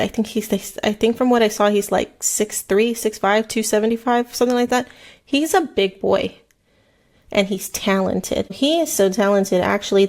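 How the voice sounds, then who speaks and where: A woman in her thirties hosts a true crime podcast in a loose, chatty ramble. She talks quickly and swears freely, with a mid-range voice. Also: mid-range voice, darkish tone. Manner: fast, profane, rambling chat. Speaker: podcast host. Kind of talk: casual true crime chat while crocheting. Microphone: headset mic, then removed.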